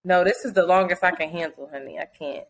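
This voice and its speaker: A woman co-hosting a casual podcast chat, animated and cursing freely, slipping into quoted voices. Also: on the low side, quick pace. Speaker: podcast co-host.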